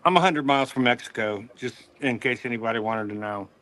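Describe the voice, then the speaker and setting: A man's voice: medium pitch, quick pace, a bit bright, no echo. A man co-hosting a casual chat, jokey and enthusiastic, teasing and laughing a lot. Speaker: co-host.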